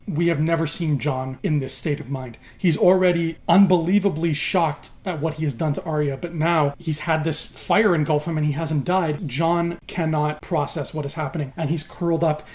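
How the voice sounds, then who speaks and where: Animated male storyteller, slightly high voice. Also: normal speed, hardly any pauses. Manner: animated, repeats words for emphasis. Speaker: host. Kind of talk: casual storytelling. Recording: noisy background hiss.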